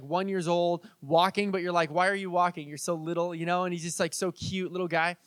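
Male pastor, high voice, dry close sound, casual storytelling sermon. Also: dry recording. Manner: conversational storytelling with animated quoted voices.

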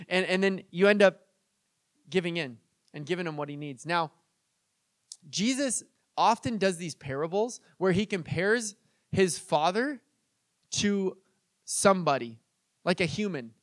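A man's voice: high-pitched, fairly bright tone, dry recording, clean studio sound. A young man preaching a casual, conversational sermon as pastor, telling stories and acting out the people he quotes. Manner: chatty, storytelling, acts out quoted voices.

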